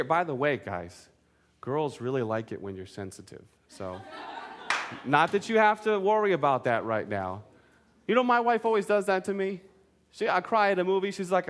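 A man's voice: medium pitch, brisk. A man preaching a sermon, earnest and direct, asking the congregation questions and joking in between. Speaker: pastor.

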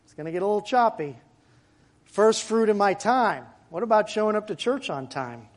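A man preaching a sermon to his congregation in a church, in a conversational way with asides and quick jokes. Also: high voice, lively intonation. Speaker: pastor. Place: church sanctuary.

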